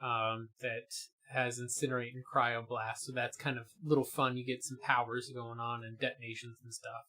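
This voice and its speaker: A man's voice: medium pitch, little pitch movement, moderate pace, bright, forceful tone. A man co-hosting a gaming stream in casual chat, explaining character builds with many fillers and restarts.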